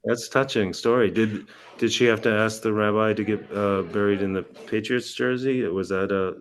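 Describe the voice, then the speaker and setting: A man's voice: fairly low pitch, fairly even intonation, moderate pace, clean tone. A man on a podcast making wry jokes in casual conversation. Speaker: guest writer.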